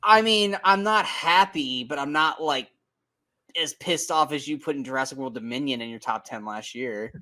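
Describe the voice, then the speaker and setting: Male podcast co-host, casual film chat, emphatic and profane, average pitch. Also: normal speed. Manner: animated and emphatic, swears freely, stumbles over words. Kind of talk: casual movie review chat.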